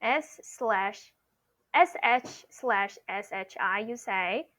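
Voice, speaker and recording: A woman's voice: mid-range voice, expressive, extremely slow, sharp tone, no echo. A woman teaching pronunciation online, explaining patiently and repeating sounds for learners to copy, saying "okay" often. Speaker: Mandarin teacher. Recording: dull lo-fi sound.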